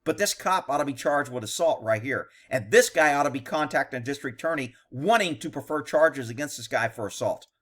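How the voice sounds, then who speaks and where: A man's voice: medium pitch, animated, fairly quick, few pauses, a bit bright. A man, a former police officer, giving blunt, profane, indignant commentary on a video. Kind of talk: reaction commentary.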